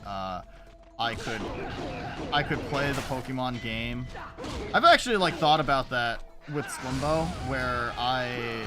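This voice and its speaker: A young adult man giving casual, chatty commentary while streaming a game, swearing often and talking to his chat. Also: mid-range voice.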